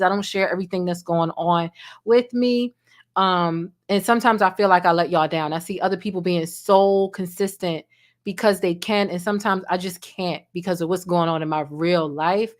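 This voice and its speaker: A woman hosting a casual late-night livestream, speaking emotionally and directly to her viewers on a desk microphone. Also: fairly low pitch. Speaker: celebrity gossip livestream host.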